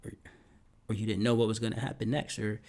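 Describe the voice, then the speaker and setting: A man hosting a motivational podcast, talking energetically and often checking in with "right?". He sometimes drops to a whisper and then booms to make a point. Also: fast. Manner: animated, repeats points and asks "right?". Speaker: podcast host.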